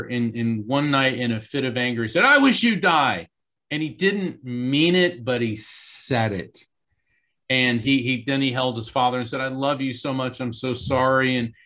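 Man, mid-pitched voice, earnest, emphatic, storytelling on a video call. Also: fairly bright tone. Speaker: psychic guest. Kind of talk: storytelling in an interview.

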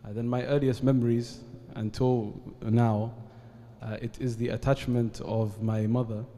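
Dark-voiced man in a reverberant hall. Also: mid-range voice, level tone. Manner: measured and earnest, with frequent "uh" pauses and Arabic formulas. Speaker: guest speaker on a panel. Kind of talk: formal talk at a live event. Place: event hall at an Islamic centre.

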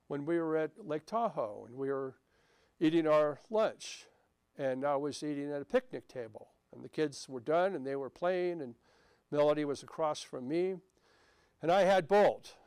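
Telling a personal story in a church sanctuary, this male pastor keeps his sermon conversational and anecdotal, restarting often. His voice is on the high side, a little mellow, clear, and resonant, at normal speed with long pauses, and the recording is dry.

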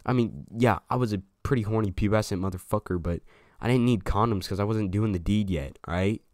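A man's voice: lowish voice, brisk, a little mellow, dry recording, clean studio sound. A young man telling a casual storytime to his viewers, loose and slangy, swearing freely. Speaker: storyteller vlogger.

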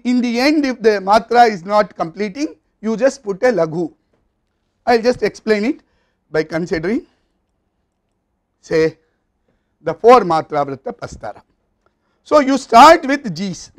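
A man with an Indian English accent giving a university lecture, explaining step by step in a measured way with occasional fillers and restarts. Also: high voice. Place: recording studio or classroom.

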